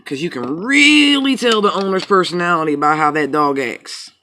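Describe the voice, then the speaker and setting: Guy doing tarot on his channel, cracking jokes n cursing, voice sits a bit high. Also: lively intonation, moderate pace, sharp tone, slight background noise. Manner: joking, profane, rambling. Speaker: tarot reader. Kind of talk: casual chat and tarot reading.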